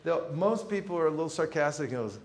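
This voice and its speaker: Man teaching a lively seminar in an echoing hall. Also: a little high, quick pace. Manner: humorous, acts out street encounters. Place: temple hall with audience.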